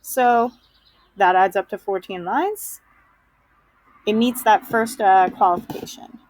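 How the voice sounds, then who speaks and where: A woman's voice: mid-range voice, slow, darkish tone. A woman teaching a lesson on poetry, explaining step by step in a patient way and checking in with the listener often. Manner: patient, checks in with okay and right.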